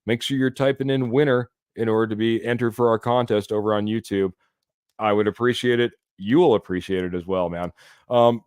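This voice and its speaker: Smooth-voiced upbeat podcast host man. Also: lowish voice, a little mellow, dry recording, clean studio sound. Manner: upbeat, says "man" a lot. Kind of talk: casual sports podcast chat.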